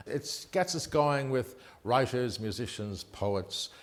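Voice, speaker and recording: A man, a broadcaster introducing archive clips in a measured, reflective radio-talk manner. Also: medium pitch, animated.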